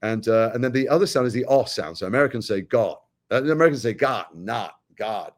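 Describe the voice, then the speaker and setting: A man from Britain, talking frankly and wryly as an actor guest in an interview. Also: medium pitch. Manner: animated, wry, frank, quick-talking. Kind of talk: candid interview conversation.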